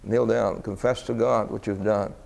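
Gravelly preacher telling a story in an echoing hall. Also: male voice, fairly low pitch, normal speed. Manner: animated, voice rising for quoted exclamations. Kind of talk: sermon storytelling.

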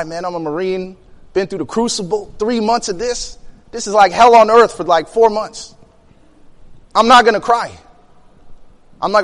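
A young man telling a personal story in an animated way, acting out the quotes and laughing between lines. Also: sits high, moderate pace, long pauses, long reverb tail. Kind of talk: storytelling talk.

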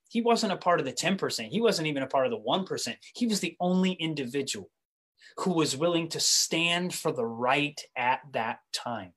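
A man preaching a sermon in a conversational way, often restarting and repeating words, telling stories with animation. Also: a little high. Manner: animated storytelling, speeding up and slowing for emphasis.

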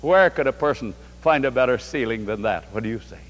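A man's voice: medium pitch, lively intonation, fairly quick. Male preacher from new york state, big swooping voice, echoey hall sermon. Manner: fervent, rising and falling preaching. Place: large hall before a congregation.

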